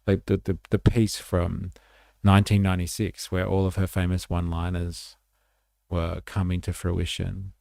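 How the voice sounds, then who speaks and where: A man's voice: sits low, flat delivery, normal speed, vocal fry, dark tone, no room sound, clean studio sound. A man hosting a livestream, giving casual, sardonic commentary on clips and reading chat aloud. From Australia. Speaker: livestream host.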